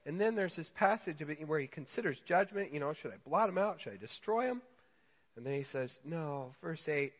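A man's voice: on the high side, brisk, breathy edge. Man preaching a sermon in a big hall. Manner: storytelling, animated quoting. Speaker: pastor. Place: church hall. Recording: dull sound in a reverberant church hall.

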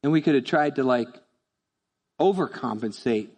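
A man preaching a sermon in a conversational, animated way, often acting out voices. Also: mid-range voice, moderate pace, in a large hall. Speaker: pastor.

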